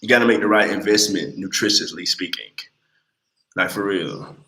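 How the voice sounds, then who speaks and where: A man in his late twenties talking bluntly and with lots of swearing on a casual livestream, telling animated stories. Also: low-pitched, moderate pace, echoey room, rough recording. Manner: blunt, profane, animated storytelling. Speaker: livestream host.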